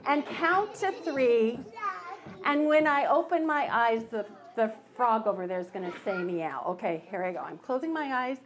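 Woman storyteller for a library kids' session, bright high voice swooping around, slow and coaxing. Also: animated. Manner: playful, mock-puzzled coaxing with stammered restarts. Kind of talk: children's storytime. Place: public library.

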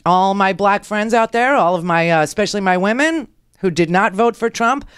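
A woman hosting a political talk radio show, delivering a rambling, animated monologue into a close studio mic and acting out the people she quotes. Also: medium pitch, a little slow, pauses often, a loud crowd, very noisy.

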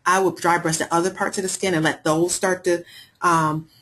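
A woman's voice: on the low side, level tone, normal speed, a bit bright. A woman hosting a live health webinar, talking in a chatty way and reading out and answering viewers' chat messages. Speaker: webinar host.

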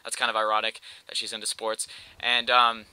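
Man, gaming commentator, rambling joke story, lots of "like", very bright tense tone, smooth clear voice. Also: on the low side, completely flat delivery, fairly quick, no echo, low-quality recording. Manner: rambling, heavy use of "like". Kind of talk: telling a long joke story over gameplay.

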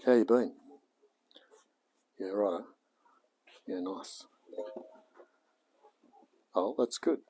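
Laid-back Australian man, low unhurried voice. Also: mellow, slightly rough. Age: late 40s. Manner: laid-back, rambling, with bloody and mate slang. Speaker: live-streaming home mechanic. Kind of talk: casual live-stream chat.

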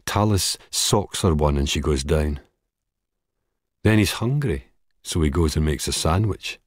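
A man narrates an audiobook in a very deep, husky voice. He reads slowly and steadily, recorded close and dry. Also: no echo.

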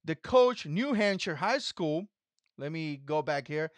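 A man's voice: fairly high pitch, lively intonation, measured pace, dry recording, studio quality. A man whose first language is not English, hosting an opinion commentary vlog in an emphatic, mocking way that repeats its points. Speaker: channel host.

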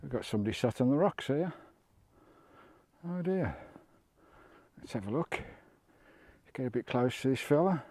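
A man's voice: medium pitch, expressive, unhurried, pauses often, a little mellow, no echo. A British man on a coastal walk, talking to the camera in a chatty vlog, often exclaiming at the views and a bit out of breath. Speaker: vlogger. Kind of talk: walking travel vlog commentary. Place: outdoors on a coast.

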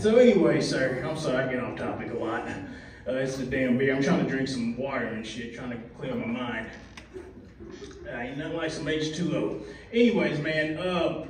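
A man hosting a comedy show, doing loose, rambling crowd work and teasing the audience. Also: a little high. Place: comedy club with live audience. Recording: roomy echo, distant mic, crowd laughter.

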